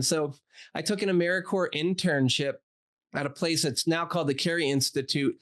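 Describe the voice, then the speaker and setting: A man in his forties, a doctor and interview guest, telling a personal story in a casual, animated way, acting out quoted dialogue with lots of "like" fillers. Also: on the high side, a little fast.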